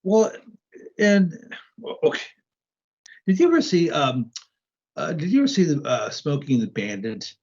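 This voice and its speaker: A man's voice: a little high, big pitch swings, normal speed, pauses often, darkish tone, breathy edge, dull audio. A man speaking as a guest in a casual conversation, hesitant and full of restarts. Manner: hesitant, many ums and restarts.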